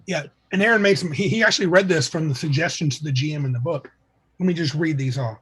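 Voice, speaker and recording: A man co-hosting a casual tabletop gaming podcast, reading passages aloud and chiming in with quick agreement. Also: fairly high pitch, a bit bright, breathy edge. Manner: reads quotes aloud, agreeable, quick interjections. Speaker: podcast co-host.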